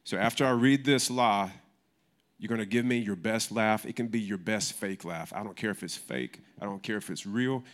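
A man's voice: fairly low pitch, normal speed. A man preaching a sermon in church in a casual, conversational way, often restarting his sentences. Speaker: pastor.

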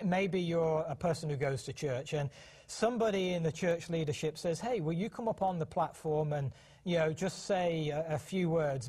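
A man's voice: on the high side, mellow. A middle-aged British man co-hosting a parenting program, talking casually with many restarts and acting out quoted voices. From United Kingdom. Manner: chatty, hesitant restarts, acts out quoted voices. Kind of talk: casual television talk.

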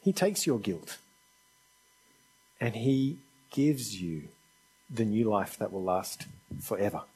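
A man's voice: fairly low pitch, lively intonation, takes it slowly, long pauses, dark tone, husky, rough recording. A man preaching a sermon in an earnest, conversational and pleading manner.

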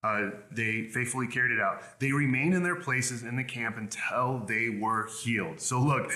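A man delivers a sermon with an earnest, forceful brightness in his voice. He often restarts and repeats words as he presses his points. The sound is roomy with a noticeable echo. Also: mid-range voice, moderate pace. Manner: earnest preaching with frequent word repeats. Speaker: pastor.

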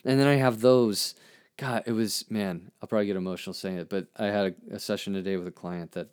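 A man hosting a podcast, reflecting earnestly on his own poem in a halting way, with many restarts and fillers. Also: fairly low pitch, steady tone, a little mellow, clean tone. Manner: earnest and searching. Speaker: podcast host and therapist.

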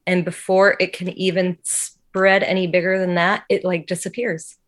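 As an interview guest, a woman shares a personal faith story earnestly and emotionally, leaning heavily on casual "like" fillers. She speaks at normal speed in a lowish, level voice.

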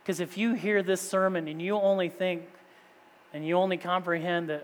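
A man's voice: high voice, fairly even intonation, moderate pace. A man in his thirties, a pastor, preaching a sermon with rising rhetorical questions. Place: church sanctuary. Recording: long reverb of a large hall.

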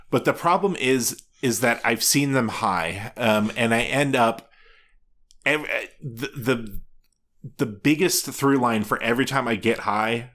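A man co-hosting a casual chat, recounting a reality show in a soft, rambling way. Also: mid-range voice. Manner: rambling, soft-spoken, frequent restarts. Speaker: podcast co-host.

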